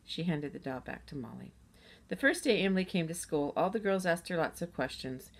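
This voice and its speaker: A woman reading a children's chapter book aloud in a steady, gentle storytelling manner. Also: sits low, fairly quick, creaky. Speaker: storybook reader.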